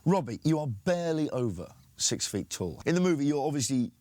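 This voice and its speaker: A man interviewing guests in a playful, teasing way, with halting restarts. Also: on the high side, big pitch swings, warm tone, no room sound. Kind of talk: casual interview questions.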